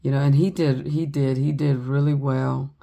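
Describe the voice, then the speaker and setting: Gravelly woman chatting. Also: a bass voice, little pitch movement, normal speed, mellow. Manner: chatty storytelling with many ums. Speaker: resin craft vlogger. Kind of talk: casual rambling chat.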